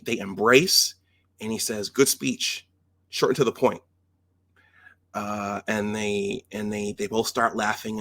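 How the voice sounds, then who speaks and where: Man, casual film recap, conversational, gravelly, low-pitched. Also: fairly bright tone. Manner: conversational, with frequent restarts and rhetorical checks. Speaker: film commentator. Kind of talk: casual retelling of film scenes.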